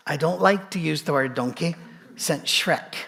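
A man preaching a sermon in a conversational way, with joking asides and a gravelly voice. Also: fairly high pitch, a little slow, sharp tone. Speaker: pastor.

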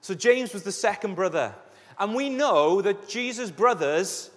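A man preaching a sermon as a pastor, telling Bible stories in a lively way and acting out the scenes. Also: sits high, unhurried. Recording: echoey hall reverb.

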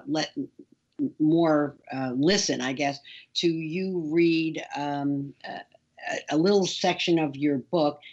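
A woman hosting an interview who talks slowly and hesitantly, with many fillers. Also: low voice, a little mellow, dull audio. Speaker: interview host.

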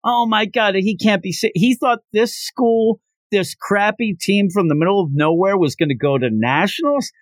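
A man's voice: on the high side, very animated, a little slow, a bit bright, husky, no room sound, studio quality, full character voice. A man voicing mocking teenage baseball rivals who laugh at a losing team.

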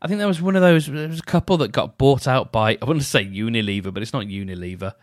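A man's voice: mid-range voice, expressive, fast, no room sound. Rambling man, dry close sound. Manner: meandering, self-deprecating, many restarts. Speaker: podcast host. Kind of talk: rambling solo podcast chat.

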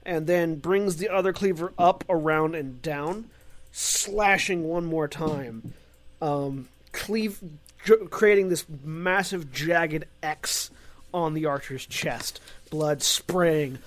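A man serving as game master, describing combat in quick bursts that stumble and restart. His voice sits a little high for a man. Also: dry recording. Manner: rapid, halting narration with restarts. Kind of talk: narrating a tabletop game.

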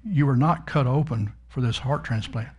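A man's voice: mid-range voice, moderate pace, a little mellow, breathy edge, lo-fi sound. A middle-aged man preaching, telling a story in a folksy, emphatic way. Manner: folksy, emphatic, swells up on key words. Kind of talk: storytelling sermon.

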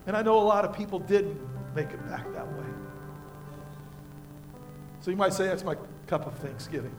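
An older American man preaching a sermon as pastor, telling folksy stories with props and swinging between quiet and loud. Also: high-pitched, expressive, moderate pace, music in the background.

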